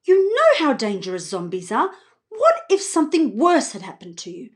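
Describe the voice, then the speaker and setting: A woman's voice: sits high, huge pitch swings, normal speed. A woman voicing a worried, scolding mother in a storybook reading. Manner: anxious, scolding.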